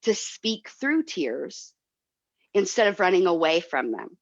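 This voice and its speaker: A woman's voice: lowish voice, big pitch swings, unhurried, lo-fi sound. A woman guest speaking in a heartfelt, emotional way, often repeating herself as she explains. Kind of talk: heartfelt motivational talk.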